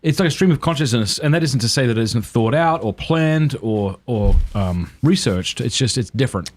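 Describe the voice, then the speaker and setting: A man's voice: medium pitch, expressive, normal speed. A man with an Australian accent, hosting a casual podcast chat and joking around. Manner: joking, laughs easily. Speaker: podcast host.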